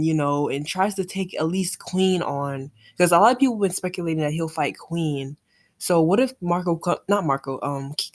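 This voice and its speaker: A woman giving casual reaction commentary on a comic chapter, emotional, exclaiming and sighing as she talks. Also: fairly low pitch.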